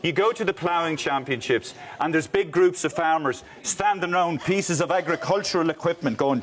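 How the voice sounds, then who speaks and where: A man with an Irish accent, a comedian chatting as a guest, telling jokes in a rambling, halting way. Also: a little high, a crowd in the background, background noise. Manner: rambling, halting, with many fillers. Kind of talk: casual chat telling jokes.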